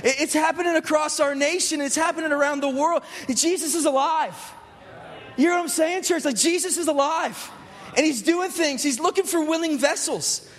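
A man preaching a lively sermon, joking with the congregation and often asking rhetorical questions. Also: extremely high pitch, moderate pace. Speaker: pastor. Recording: hall with long reverb.

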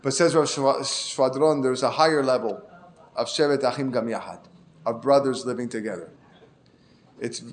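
A man's voice: mid-range voice, slight background noise. A man giving an earnest Torah talk, telling a story and lifting his voice to stress key points. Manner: earnest storyteller who lifts his voice for emphasis. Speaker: Torah teacher. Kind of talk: Torah class sermon.

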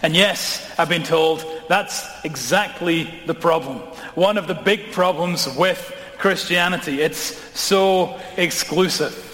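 A man delivers a sermon in a church sanctuary with a voice a little higher than most. He tells the story in a measured way and slows down to stress key lines. The sound rings with a long, roomy echo. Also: sharp tone. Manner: measured storytelling, slowing for emphasis. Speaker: preacher. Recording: echoey hall, voice from some distance.

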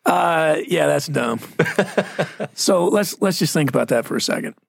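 A man's voice: a little high, expressive, unhurried, creaky, no room sound, clean studio sound. A man with a Texan accent talking bluntly and folksily about faith, laughing often. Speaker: Christian podcast guest. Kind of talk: casual faith discussion.

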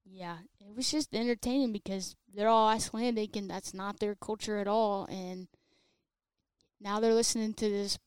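A woman's voice: mid-range voice, steady tone, normal speed, a little mellow, clear, resonant tone, no echo. A woman, a soccer player, chatting easily as a podcast guest and telling stories. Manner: easygoing, storytelling. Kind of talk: casual interview chat.

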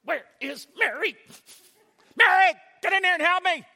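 A man's voice: very high-pitched, quick pace, long reverb tail, pitched above the performer's own voice. A man voicing a harried, exasperated woman who scolds indignantly while hosting guests. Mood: scolding.

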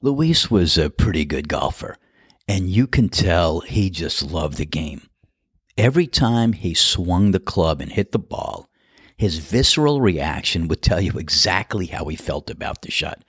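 A man's voice: low voice, lively intonation, unhurried, husky, no echo, clean studio sound. A man hosting a podcast, telling a casual story in a wry, self-deprecating, conversational way. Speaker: podcast host and golf starter.

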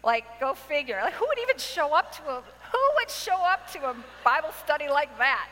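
A woman giving a testimony talk to a women's audience, dramatic and laughing often, acting out her past self in sudden high outbursts. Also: sing-song, moderate pace, pushed and bright. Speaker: speaker addressing a women's audience. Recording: echoey hall with faint noise.

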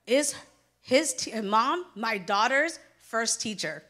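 Bright-voiced woman giving church testimony. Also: mid-range voice, a little slow. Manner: conversational, acts out dialogue, emphatic. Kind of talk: personal testimony.

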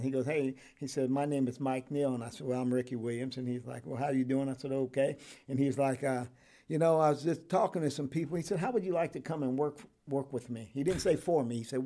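A man's voice: mid-range voice, fairly even intonation, quick pace, mellow. A retired correctional officer, an older man, telling his life story in an interview, with many ums, restarts and laughs. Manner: rambling, with frequent ums and restarts, laughs often.

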